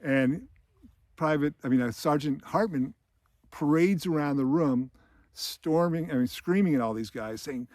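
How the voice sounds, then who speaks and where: A man's voice: a little high, a little slow, a little mellow, no echo. Rambling man retelling a film. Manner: rambling, chuckling, lots of fillers. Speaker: film commentary host.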